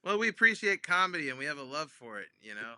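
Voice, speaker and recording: A comedian, a man, telling a funny phone-call story in an animated way, with many ums and restarts, acting out both sides. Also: fairly high pitch, quick pace, no room sound. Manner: acts out both sides of phone calls with big voice jumps. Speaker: comedian guest.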